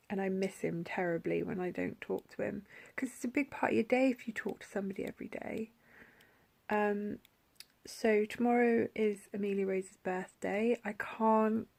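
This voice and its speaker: In a personal vlog, a woman with a gravelly, medium-pitched voice speaks tenderly and from the heart. She is soft-spoken and often drops to a whisper as she reflects.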